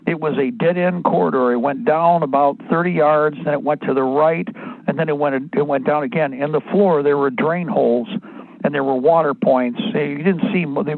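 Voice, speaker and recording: A man with a raspy, gravelly, somewhat high voice hosts a talk radio monologue. He rambles, restarts his sentences and talks bluntly, crude at times. The sound is dry and thin, like a phone line. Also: no room sound. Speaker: radio host.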